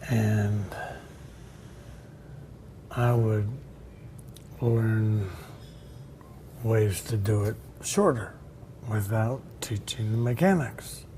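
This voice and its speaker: Slow, mellow-voiced older man telling stories. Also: fairly low pitch, a little hiss or hum. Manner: reflective, acts out the people in his anecdotes. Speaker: tennis coach and interview guest. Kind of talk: storytelling in a conversation.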